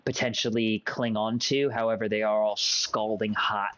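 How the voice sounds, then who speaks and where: A man's voice: on the low side, little pitch movement, moderate pace, a bit bright. A young man narrating a tabletop game as game master, rambling and full of fillers. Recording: dull lo-fi voice chat with faint music.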